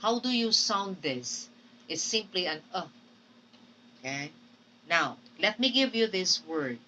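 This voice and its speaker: Woman, Filipino accent, pronunciation teacher, bright tone, slightly low pitch, patient repetition. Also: sing-song, slow, distant mic, a little hiss or hum, low-quality recording. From Philippines. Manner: patient, drills words and repeats them. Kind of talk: classroom lecture.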